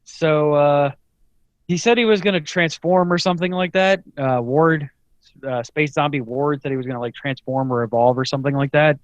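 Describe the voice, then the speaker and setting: A man co-hosting a podcast in casual chat, animated and laughing often as he reads out his notes. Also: fairly high pitch, moderate pace, no room sound, highs cut off. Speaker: podcast co-host.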